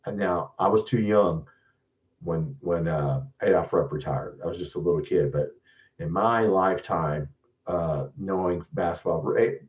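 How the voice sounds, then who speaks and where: A man hosting a sports stream, ranting bluntly and profanely in casual commentary, often restarting his sentences. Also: deep voice. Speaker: sports show host. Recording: distant, dull lo-fi mic.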